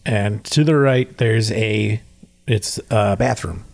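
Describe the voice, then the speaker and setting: A man's voice: fairly low pitch, slow, gravelly. A man telling a story in casual chat, rambling with many fillers and acting out quotes as he retells it. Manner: acts out quotes in animated retelling.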